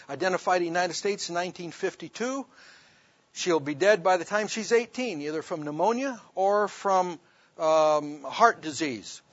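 A man's voice: high voice, fairly bright tone, no echo, dull audio. A man voicing a curt, cold male doctor who asks blunt, clipped questions in a sermon story.

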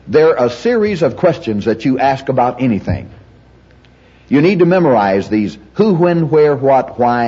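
A man's voice: medium pitch, darkish tone, slightly rough. A man preaching a teaching sermon on Bible study, emphatic and repetitive, shifting the stress from word to word. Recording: dull lo-fi recording.

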